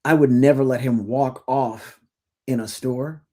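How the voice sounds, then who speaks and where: A middle-aged man co-hosting a podcast, telling stories in casual conversation with many stammered restarts and lively acted-out quotes. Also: medium pitch, a little slow. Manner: animated storytelling with acted-out quotes. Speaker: podcast co-host.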